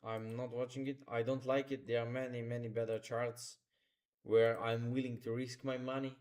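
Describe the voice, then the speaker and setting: A man's voice: mid-range voice, little pitch movement, moderate pace, darkish tone. Man talking through charts live. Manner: instructive, repeats phrases, non-native grammar. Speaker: trading streamer. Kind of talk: live market commentary.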